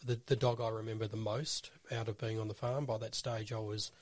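A middle-aged Australian man from Western Australia, calmly reminiscing in easygoing chat. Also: on the low side, brisk, dry recording.

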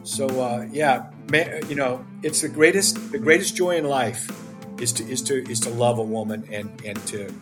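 Over loud music, an older man speaks at a normal pace in a mid-range voice as a podcast guest. His delivery is impassioned, emphatic and preachy, and he acts out bits of dialogue.

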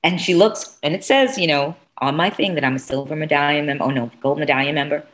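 Woman, casual storytelling, lower voice, swings in pitch, acts out dialogue. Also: quick pace. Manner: animated, swearing, acts out dialogue.

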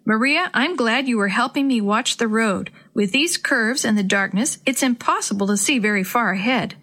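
A woman reading aloud, voicing a kind, steady father who leads the search and reassures the children. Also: on the high side, normal speed. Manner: calm, reassuring.

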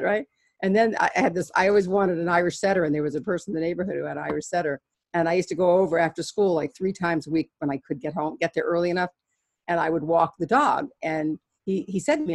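An older woman, a veterinarian guest, telling stories from her life in an animated conversational way, often restarting her sentences and laughing. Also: lowish voice, quick pace, no room sound, clean studio sound. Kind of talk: conversational storytelling.

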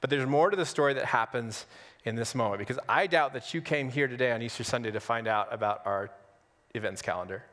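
A male pastor preaching an Easter sermon in a conversational, humorous way, with dramatic pauses. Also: medium pitch, a bit bright, big-room sound. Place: church sanctuary on Easter Sunday.

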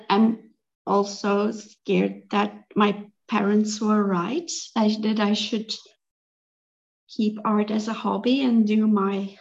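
A woman artist speaks hesitantly in a coaching session, stopping and restarting her sentences. Her voice is slow and gravelly. The sound is lo-fi and dull. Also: mid-range voice, a little mellow. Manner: hesitant, halting, restarts and laughs nervously.

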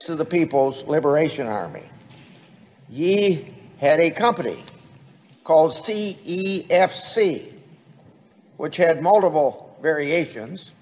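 A man giving a formal prepared speech, reading quotes aloud in a deliberate way. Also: a little high, very animated. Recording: dull, lo-fi recording in a long-reverb hall.

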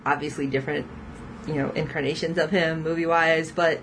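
A woman's voice: deep voice, little pitch movement, a little fast, rough recording. Woman, podcast co-host, casual TV recap chat, chatty, laughs often, faint background noise.

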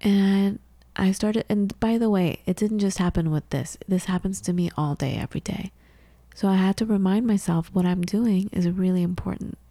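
A woman's voice: medium pitch, normal speed, mellow, no echo. A woman podcast co-host in her thirties telling candid personal stories in casual conversation, with frequent restarts.

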